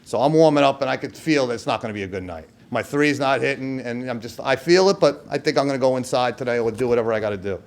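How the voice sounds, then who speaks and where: A middle-aged man delivers an acceptance speech. His voice sits in an ordinary middle register, and he tells stories in a loose, conversational way, breaking into loud impressions of his coach. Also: mid-range voice, quick pace, hardly any pauses. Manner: storytelling, acts out quoted coach with loud outbursts. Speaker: hall of fame inductee giving acceptance speech. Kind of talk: speech at a podium.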